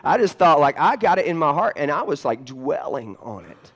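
A man preaching a sermon, telling a personal story, swinging from loud bursts to hushed asides. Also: fairly high pitch, sing-song, a little fast, hardly any pauses. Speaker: pastor.

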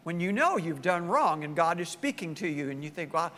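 A man preaching a sermon as pastor, telling the story with lively acted-out voices. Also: a little high, a little fast, big-room sound. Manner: animated storytelling, acting out voices of the story's people.

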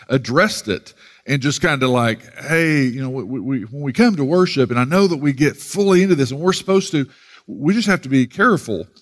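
A man's voice: mid-range voice, long reverb tail. Man telling a story in a sermon. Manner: rambling with many fillers, animated when quoting others. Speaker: pastor.

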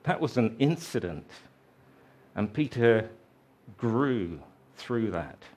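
Slow, reflective male preacher. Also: fairly low pitch, sing-song, darkish tone. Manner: slow, reflective storytelling with dramatic quoted voices. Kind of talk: sermon.

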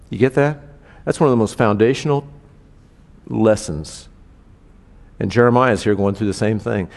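A male pastor gives a conversational sermon, talking to his listeners directly. He gets animated, jumping up in pitch and volume when he acts out the voices of the people in his text. He drops low and quiet when he draws out the lesson. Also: in a large hall.

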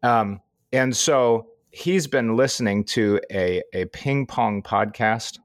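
Low-voiced middle-aged man, chatty podcast host. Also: no echo, studio quality. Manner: unhurried storytelling, chuckles often. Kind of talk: casual chat.

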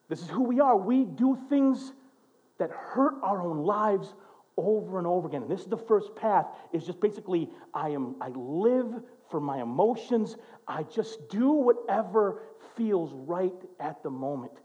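A man preaching a sermon as a pastor, telling stories and acting out quotes in an animated way. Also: high voice, normal speed, muffled recording. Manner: animated, storytelling with acted-out quotes.

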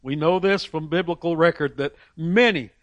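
A man's voice: a little high, normal speed, dry recording. A man preaching a sermon, emphatic, reading scripture aloud and briefly acting out the voices of people in the story. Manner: emphatic, voices characters in Bible stories.

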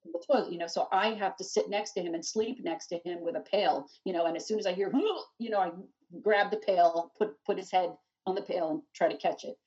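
A middle-aged woman telling her story in an interview, animated and rambling, full of restarts and "you know.". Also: fairly low pitch, a little fast, breathy edge. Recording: distant dull lo-fi mic.

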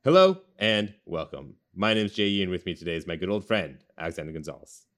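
A man's voice: low-pitched, very animated, brisk, a bit bright. A man hosting a podcast in a rambling casual chat, full of fillers and restarts. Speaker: podcast host.

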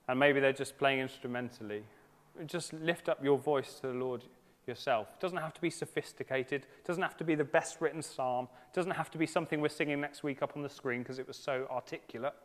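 A man in his thirties giving a sermon as preacher, earnest and conversational with gentle humour. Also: fairly high pitch, a little fast. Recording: long reverb of a large church hall.

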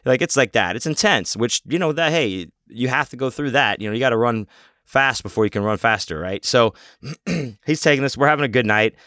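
A man's voice: mid-range voice, lively intonation, a little fast, fairly bright tone, dry recording, clean studio sound. A man hosting a podcast, telling a long story casually in a rambling, profane, self-mocking way. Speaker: podcast host.

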